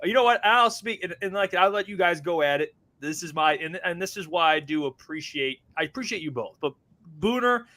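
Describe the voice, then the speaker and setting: Host guy, swears a lot, laughs easy, bright high voice. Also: lively intonation, brisk. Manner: laughing, profane, loose. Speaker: sports show host. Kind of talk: casual sports show chat.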